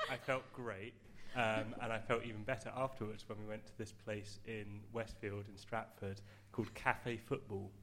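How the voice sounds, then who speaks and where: A man's voice: on the low side, flat delivery, moderate pace, noisy background. A man cheerfully describing a day out, laughing as he talks. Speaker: podcast contributor. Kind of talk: casual chat.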